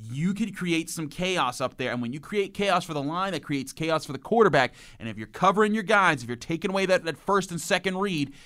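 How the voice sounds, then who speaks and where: A man guest analyst on a sports talk show, talking casually and excitedly, with his pitch jumping up when he describes plays. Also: a little fast, few pauses. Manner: animated, excitable, jumps in pitch when telling a play.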